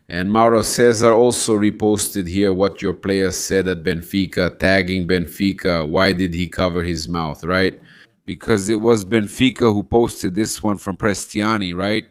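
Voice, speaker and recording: Deep, smooth-voiced indignant football host. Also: male voice, fairly even intonation, unhurried, dry recording. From Brazil. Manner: indignant, repetitive, exclamatory. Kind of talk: ranting fan commentary.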